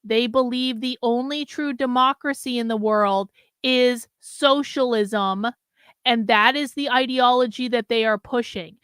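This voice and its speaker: Sarcastic woman host, high and dry. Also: steady tone, unhurried, fairly bright tone, clear, resonant tone, no echo. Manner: sarcastic, blunt, mocking. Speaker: commentary show host. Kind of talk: reaction commentary on a played clip.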